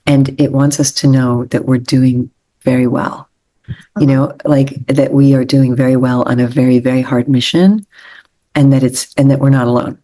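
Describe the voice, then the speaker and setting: Woman guest author, low mellow voice, earnest and gentle, reflective interview talk. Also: little pitch movement, normal speed. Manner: earnest, gentle, repeats phrases for emphasis.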